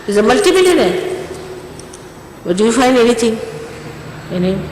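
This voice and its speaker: This older woman talks at a fairly high pitch with a darkish tone, very animated and at moderate pace. As a spiritual teacher, she scolds her followers forcefully in an informal pre-ceremony exhortation and frequently says things again. Recorded on old tape in a hall with echo and faint hiss.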